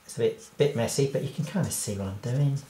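A man's voice: mid-range voice, fast, warm tone. A man, a cartoonist, talking through a casual drawing tutorial in a rambling, self-deprecating way and laughing at his own jokes. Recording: roomy echo.

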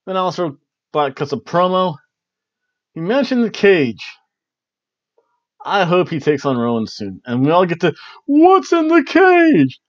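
A man's voice: a little high, animated, normal speed, long pauses, no room sound, lo-fi sound. A man hosting a wrestling review podcast, talking casually in a rambling, jokey way and slipping into silly voices. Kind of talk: casual solo recap.

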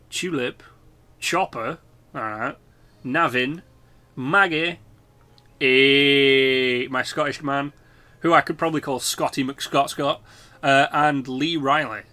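A man's voice: mid-range voice, slow pace, long pauses, sharp tone. A man hosting a casual let's-play video, chatting loosely with lots of fillers and the odd swear. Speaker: gaming video host.

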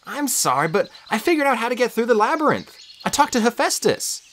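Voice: mid-range voice, very animated, a little fast, a bit bright, pitched above the performer's own voice. A narrator voicing an earnest, apologetic teenage boy in an audiobook. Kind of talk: audiobook character voice.

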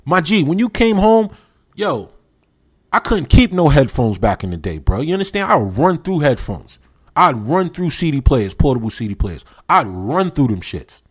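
A man hosting a livestream, reminiscing in animated, slang-heavy casual chat and talking straight to his viewers. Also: a little high, normal speed, husky. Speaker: livestream host.

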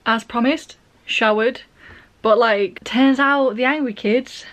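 A young woman vlogging her reactions as she reads, excitable and swearing, with frequent gasps and laughter. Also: mid-range voice, a little slow. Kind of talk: reading reaction vlog.

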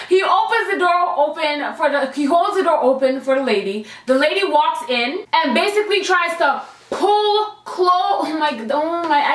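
A young woman vents to her viewers in a storytime vlog, exasperated and emphatic, with swearing sprinkled through. Her voice sits high. The room around her gives off a noticeable echo. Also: fairly bright tone. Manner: exasperated, profane and emphatic, talking straight to viewers. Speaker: vlogger. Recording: echoey room.

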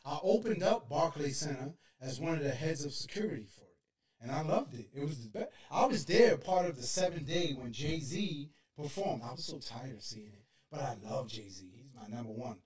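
A man's voice: medium pitch, expressive, normal speed, darkish tone, reverberant, recorded from a distance. A man from Brooklyn with a New York accent, hosting a casual podcast, steering the talk in a laid-back, profane way. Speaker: podcast host.

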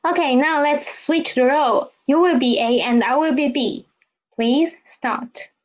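A woman teaching a Mandarin lesson in English, explaining slowly and repeating key phrases with "okay?". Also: high-pitched, lo-fi sound. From Philippines. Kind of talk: language lesson.

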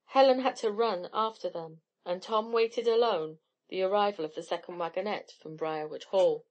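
A woman reading a novel aloud in steady, expressive storytelling. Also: mid-range voice, normal speed, lo-fi sound. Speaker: audiobook narrator. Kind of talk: scripted narration.

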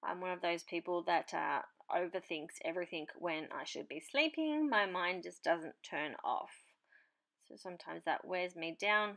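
Woman, papercraft tutorial host; low voice with gravelly fry, relaxed chatty delivery while working. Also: moderate pace. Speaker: papercraft host demonstrating marker colouring. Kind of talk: casual tutorial voice-over.

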